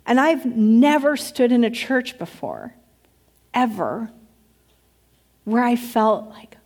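Woman pastor, casual chatty sermon, lots of quick asides, gets excited about stuff. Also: on the high side. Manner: enthusiastic when describing places. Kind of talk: conversational sermon.

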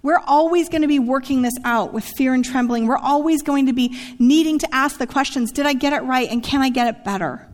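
A woman's voice: high-pitched, fairly quick, hardly any pauses, in a large hall. A woman in her forties, a pastor preaching a sermon in a conversational way, often asking her listeners "right?".

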